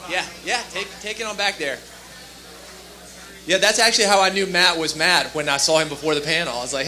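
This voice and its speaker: Male moderator, very bright high voice, casual. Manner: casual, quick handoffs. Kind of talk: live panel moderating. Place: live expo panel stage.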